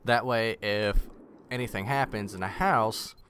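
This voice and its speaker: A man's voice: fairly low pitch, measured pace, fairly bright tone, slight background noise. A man rambling casually in a vlog, blunt and swearing freely. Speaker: vlogger.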